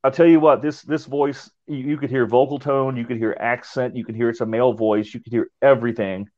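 A man's voice: mid-range voice, steady tone, a little fast, darkish tone, lo-fi sound. A man, a paranormal investigator, telling a long story in a casual, rambling way, often restarting his words.

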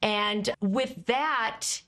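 A middle-aged woman, a communication coach, telling her stories in an expressive, animated way and laughing now and then. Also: a little high, drawn-out words. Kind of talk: conversational storytelling.

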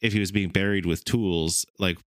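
A man's voice: low-pitched, fairly even intonation, normal speed, dry recording, studio quality. A man hosting a casual podcast, talking through his notes with lots of fillers and bursts of silly voices. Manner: rambling, filler-heavy, putting on silly voices while reading notes. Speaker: podcast host presenting a topic.

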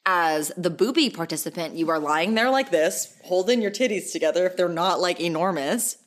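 Young woman co-host, low-ish voice, blunt and crude, playful chat with quick jumps into mock voices. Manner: crude, animated, laughs often, jumps into high put-on quotes. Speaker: podcast co-host. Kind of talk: casual comedic chat.

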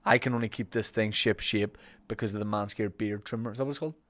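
A man's voice: lowish voice, fairly even intonation, fast, a bit bright. A man with a Northern Irish accent hosting a podcast, reading ads in a casual, joking way and correcting himself as he goes. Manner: chatty, joking, self-correcting. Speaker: podcast host. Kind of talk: casual podcast chat with ad reads.

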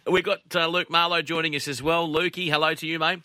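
A man's voice: a little high, little pitch movement, fast, hardly any pauses, sharp tone, no room sound. An Australian man hosting a radio racing panel, joking and laughing with the panellists. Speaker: host. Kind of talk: casual radio panel chat.

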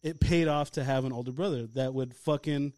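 A young man co-hosting a podcast, telling stories in animated, profane casual chat. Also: mid-range voice, brisk, dry recording. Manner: animated storytelling, heavy swearing. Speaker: podcast co-host.

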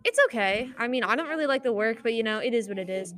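A woman's voice: a little high, animated, fast talker, a bit bright. Giggly teen girl podcast host. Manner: giggly, rambling, filler-heavy. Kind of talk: casual chat.

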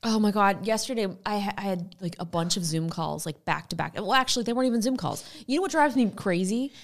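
Fast-talking woman cohost, pitch jumps all over, does little voices of people. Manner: quick, animated, mimics voices. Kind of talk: casual chat.

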